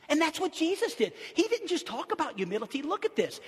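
A man preaching a sermon as pastor, animated, swinging from loud bursts to hushed asides. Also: very high voice, fairly quick, hardly any pauses, long reverb tail.

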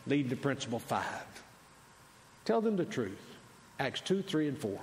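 A male pastor preaching a sermon, swinging between loud declarations and quiet asides. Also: medium pitch, sing-song, unhurried, a little hiss or hum. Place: large church sanctuary. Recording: long hall reverb.

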